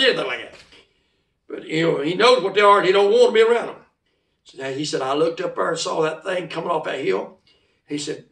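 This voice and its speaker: A man with a drawl spins a tale in a folksy, animated way, acting out the voices of the people in it. His voice sits high and swings widely, with a gravelly rasp. He sounds a little distant from the mic in an echoey room. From South Carolina. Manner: folksy, animated, acts out voices in quoted speech. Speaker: storyteller. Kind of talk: casual oral storytelling.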